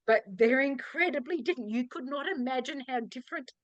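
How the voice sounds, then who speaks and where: A middle-aged Australian woman, an author, chatting casually on a podcast and telling lively stories with acted-out quotes. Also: sits high, a little fast, dry recording, poor audio. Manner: animated storyteller, acts out quoted voices. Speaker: author guest.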